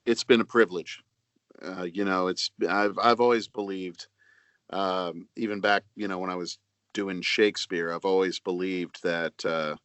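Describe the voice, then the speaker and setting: Middle-aged guy, low voice, earnest, lots of ums, dry close sound. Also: a bit bright, dry recording. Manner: measured and earnest, many fillers and restarts. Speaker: guest voice actor. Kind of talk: casual interview.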